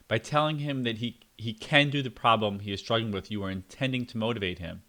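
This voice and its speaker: A man's voice: lowish voice, fairly quick, hardly any pauses, sharp tone. A middle-aged man giving a casual, blunt and opinionated spoken book review, with fillers and asides. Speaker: book reviewer and parenting channel host.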